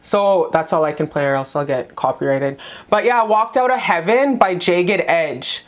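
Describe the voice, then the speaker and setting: A woman's voice: normal speed, faint music behind. A woman giving a casual love tarot reading to the camera, chatty and blunt, swearing freely and calling her viewers "you guys". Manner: animated, jumps in pitch for emphasis. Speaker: tarot card reader.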